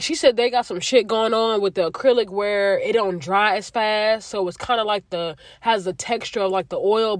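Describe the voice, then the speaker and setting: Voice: medium pitch, no echo, clean studio sound. Chatty, cussing young podcaster telling a story. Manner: chatty, profane, animated retelling. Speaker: podcast host. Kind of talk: casual storytelling monologue.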